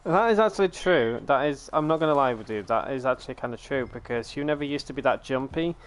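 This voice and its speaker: A young British man hosting a casual game stream, telling stories to his viewers and calling them ladies and gentlemen. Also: medium pitch, expressive, fast. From Britain. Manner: chatty storyteller, addresses viewers as ladies and gentlemen. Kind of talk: casual gaming stream chat.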